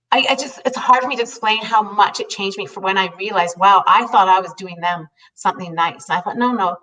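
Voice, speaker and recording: A woman telling a heartfelt personal story in a halting way, often restarting her sentences. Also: mid-range voice, fairly bright tone, distant mic, low-quality recording. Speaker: host.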